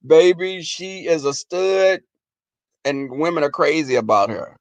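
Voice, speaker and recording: A man telling comic family stories on his vlog, animated and profane, often breaking into laughter. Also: fairly high pitch, unhurried, no room sound. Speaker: vlogger. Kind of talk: comic storytelling.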